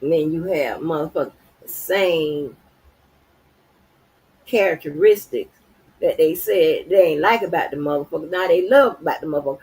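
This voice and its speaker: Husky woman ranting furiously. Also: deep voice, normal speed, pauses often, darkish tone, poor audio. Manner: profane, heated, confrontational. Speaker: livestream host. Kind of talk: angry unscripted rant.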